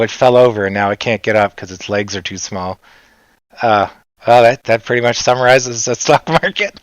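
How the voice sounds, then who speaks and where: A man's voice: on the low side, moderate pace, no room sound. A man with a Canadian accent hosting a casual livestream, rambling and joking as he chats. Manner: rambling, joking, laughs often. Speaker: livestream host. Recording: dull lo-fi sound.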